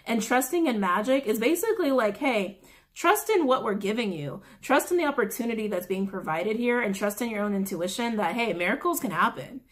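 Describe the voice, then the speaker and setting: A woman's voice: fairly high pitch, lively intonation, brisk. A woman giving a casual tarot reading to camera. She gushes with emotion, swears casually and repeats phrases for emphasis. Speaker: tarot reader.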